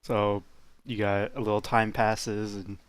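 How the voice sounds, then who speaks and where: A man narrating as game master of a tabletop game, describing scenes in a relaxed, offhand way. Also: on the low side, unhurried, smooth, dry recording.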